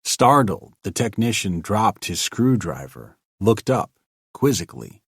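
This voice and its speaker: A man narrating an old-time radio style story with expressive storytelling. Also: fairly low pitch, a little slow, gravelly, breathy edge, dry recording, studio quality.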